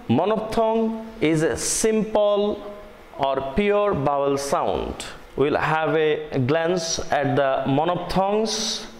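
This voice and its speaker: A Bangladeshi man teaching an online English class, slowly and deliberately spelling out sounds and repeating example words. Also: fairly high pitch. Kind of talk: online class lecture on phonetics. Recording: roomy echo with long reverb.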